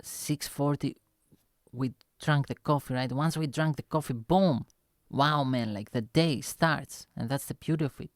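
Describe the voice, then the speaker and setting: A young man, telling a rambling, animated travel story on a vlog, full of filler words and sound effects. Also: medium pitch, measured pace, no room sound, studio quality. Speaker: vlogger. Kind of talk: casual storytelling chat.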